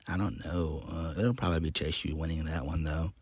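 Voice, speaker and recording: A man's voice: extremely low pitch, fairly even intonation, fairly quick, a little mellow, husky, dry recording. A man casually recapping a wrestling show, rambling with many ums and uhs in a laid-back way.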